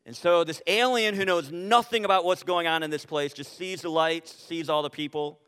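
A pastor with a fairly high voice delivers his sermon from the pulpit. He peppers it with rhetorical questions and restarts, and his words trail off in a long, reverberant sanctuary echo. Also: moderate pace, a bit bright, clear, resonant tone. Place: church sanctuary. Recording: reverberant church hall.

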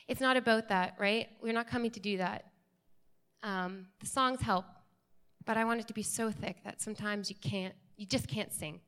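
A woman's voice: mid-range voice, normal speed, long pauses, bright, forceful tone, smooth. A woman worship leader speaking earnestly from the church stage in a casual way, often saying "like". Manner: earnest, fills speech with "like". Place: church sanctuary.

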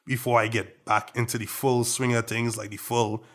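Easygoing Trinidadian man, mid pitch. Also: little pitch movement, normal speed, a bit bright. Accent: American, switching to Trinidadian partway. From Trinidad and Tobago. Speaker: guest. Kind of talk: casual interview chat.

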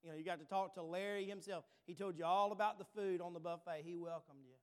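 A man's voice: high voice, steady tone, fast talker, clear, resonant tone. A man in his thirties preaching a sermon as pastor, earnest, repeating his questions and checking in with "all right.". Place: church sanctuary. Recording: long reverb in a hall.

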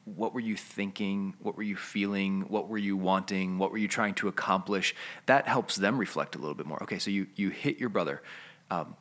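A man with a low, deep voice talks through a podcast discussion. He explains in a steady, teaching manner, laying out one question after another. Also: brisk. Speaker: podcast co-host.

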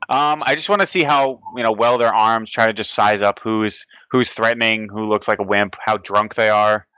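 A man playing a tabletop game, eager and excitable in casual chat. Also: lowish voice, normal speed, clear, resonant tone, no room sound, highs cut off. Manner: eager, excitable, laughing often. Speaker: player.

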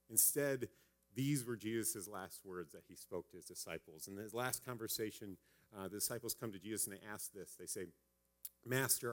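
A man in his thirties giving a conversational sermon as a pastor, often checking in with a quick "right?". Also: on the low side, a bit bright. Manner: conversational preaching, frequent "right?" asides.

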